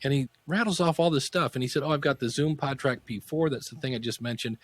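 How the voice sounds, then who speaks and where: A middle-aged man, a podcasting teacher, telling anecdotes in a casual interview and acting out quotes with sudden pitch jumps. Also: quick pace, slightly rough.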